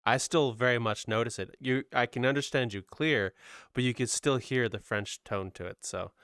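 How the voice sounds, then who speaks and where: A man's voice: mid-range voice, normal speed, a bit bright, smooth, dry recording, studio quality. A man hosting a podcast, chatting casually and reassuring his guest. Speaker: podcast host. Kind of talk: casual chat.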